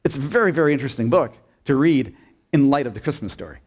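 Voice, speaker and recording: A male pastor delivering a sermon in a church, asking the congregation questions and drawing them into call-and-response, sometimes dropping low and soft for emphasis. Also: fast. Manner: expressive preaching, dips low and soft for emphasis. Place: church sanctuary.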